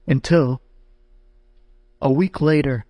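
A rabbi telling a humorous anecdote, animated and acting out the voices of the people in it. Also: male voice, medium pitch, takes it slowly, dry recording. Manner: animated, acts out the voices of the people in his story. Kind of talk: humorous anecdote told to an audience.

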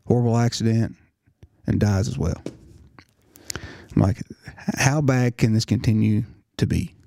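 This nurse practitioner, a middle-aged man, recounts his own story sincerely, frequently starting his words over. His mid-range voice has a warm tone, recorded cleanly in a studio without room sound.

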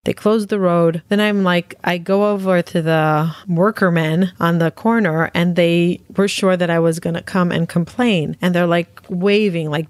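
A woman's voice: lowish voice, fairly even intonation, moderate pace, dry recording, clean studio sound. A middle-aged woman hosting her own podcast, telling a story in an upbeat way and repeating phrases for emphasis. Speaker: podcast host. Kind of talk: solo podcast monologue.

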